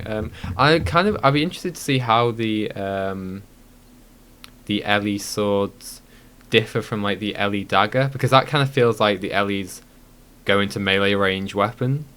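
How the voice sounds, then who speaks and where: A man's voice: fairly low pitch, moderate pace, a bit bright, clear, resonant tone. A man co-hosting a casual gaming podcast who thinks aloud, hedging with frequent ums. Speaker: podcast co-host.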